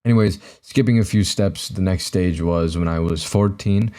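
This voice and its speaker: Low-voiced young man rambling self-mockingly. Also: moderate pace, mellow. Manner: self-mocking, rambling with many fillers and restarts. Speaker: podcast host. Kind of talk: solo comedic monologue to camera. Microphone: camera mic, recording himself.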